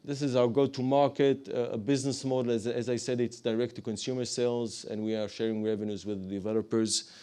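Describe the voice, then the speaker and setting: A man's voice: mid-range voice, flat delivery, fast talker, hardly any pauses, mellow, clear, resonant tone. A man presents his startup to a live audience, hesitant, with many fillers and apologetic asides. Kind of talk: business pitch to a live audience.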